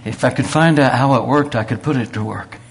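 Preacher guy telling folksy stories in a sermon, mid pitch. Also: a little fast, vocal fry, a little hiss or hum. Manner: folksy storytelling with quoted voices.

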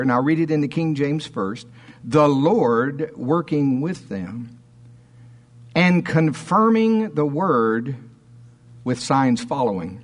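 A man preaching a fervent sermon, reading scripture aloud and slowing down to stress key words. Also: a little high, expressive.

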